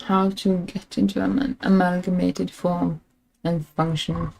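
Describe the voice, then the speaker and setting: A woman's voice: lowish voice, level tone, unhurried, gravelly, a little mellow, slight background noise, poor audio. A woman streamer chatting casually and rambling, laughing at herself while frustrated with her stream setup. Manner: rambling, self-mocking, laughs often; frustrated with tech. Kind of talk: casual live-stream chat.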